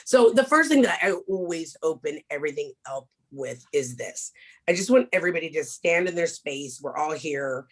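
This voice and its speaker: Woman, low pitch, motivational workshop leader; animated, interactive, candid. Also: moderate pace. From Kansas. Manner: warm, animated, leads the group in affirmations. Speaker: motivational speaker.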